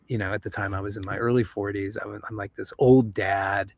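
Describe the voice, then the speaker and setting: A man's voice: fairly low pitch, steady tone, a little fast, vocal fry, hardly any pauses, a little mellow, no echo. A middle-aged man speaking openly and reflectively as an interview guest. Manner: open, reflective. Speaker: podcast host guest. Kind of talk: candid conversation.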